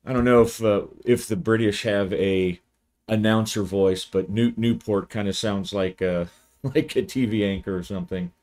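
A man, hosting his channel and giving a relaxed, rambling video review. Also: lowish voice, normal speed. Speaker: channel host, game reviewer.

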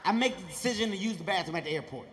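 A man telling animated stand-up stories on stage, acting out voices and shouting. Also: high voice, very fast, noisy background. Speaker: stand-up comedian. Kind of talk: stand-up comedy storytelling. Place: large theater stage with audience.

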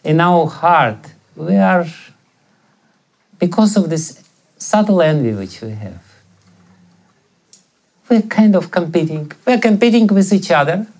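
A man's voice: high voice, big pitch swings, slow, long pauses, darkish tone. A male spiritual teacher giving a scripture lecture, telling a story with many hesitant fillers.

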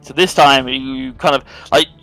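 A man narrating as game master of a tabletop game, describing scenes in a relaxed way with many fillers. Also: mid-range voice, a little slow, soft background music, rough recording.

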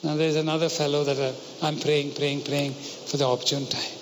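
A man's voice: a little high, level tone, moderate pace. A man preaching a sermon, telling a personal story and putting rhetorical questions to the congregation. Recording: long hall reverb, faint noise.

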